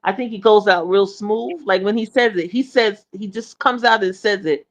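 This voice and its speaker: A woman co-hosting a casual chat show, animated and laughing, often repeating herself and restarting her sentences. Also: medium pitch, normal speed, few pauses. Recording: dull lo-fi sound.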